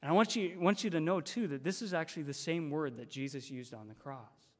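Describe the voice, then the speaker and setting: A man preaching in a church, his fairly high voice carried by a long hall reverb. He talks emphatically and repeats key phrases for stress. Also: fairly quick. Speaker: guest preacher. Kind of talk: sermon. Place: church sanctuary.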